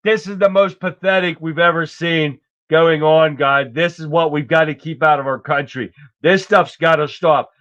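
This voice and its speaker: Blunt, swearing talk show host. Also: male voice, on the high side, steady tone, moderate pace, few pauses, a bit bright, dry recording. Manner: blunt, profane ranting. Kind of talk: casual political talk show. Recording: dull, dry sound.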